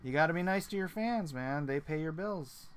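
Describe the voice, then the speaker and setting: A man hosting a casual livestream chat, easygoing and quick to laugh, speaking into a computer mic. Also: a little high, expressive, a crowd in the background. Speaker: livestream host.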